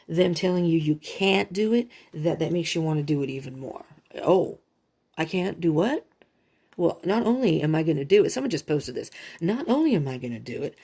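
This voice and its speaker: A woman's voice: on the low side, gravelly, a little mellow, husky. A woman reading tarot cards for her viewers in an emphatic, chatty way, repeating her warnings. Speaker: tarot reader. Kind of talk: monthly tarot card reading.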